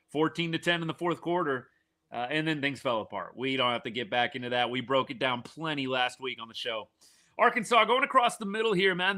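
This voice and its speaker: A man hosting a live reaction stream for a college football game, talking casually and animatedly, with frequent restarts. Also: on the high side. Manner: animated, fan-partisan commentary with frequent restarts.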